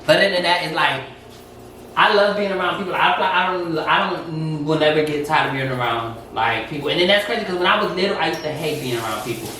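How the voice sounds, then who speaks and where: Man, open and animated storyteller, slightly high, bright voice, echoey room, mic far off. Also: fast talker, slight background noise. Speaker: co-host. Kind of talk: casual chat. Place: home kitchen.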